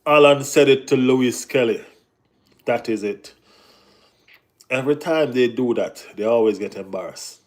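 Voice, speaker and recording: A man hosting a casual live football chat, talking in an animated way with lots of slang and repeated phrases. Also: medium pitch, moderate pace, long pauses. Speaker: football channel host.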